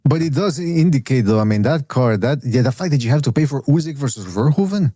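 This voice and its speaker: A man's voice: mid-range voice, animated, brisk, mellow, no room sound. A man hosting a casual boxing podcast, opinionated and rambling, full of restarts and asides. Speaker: podcast host.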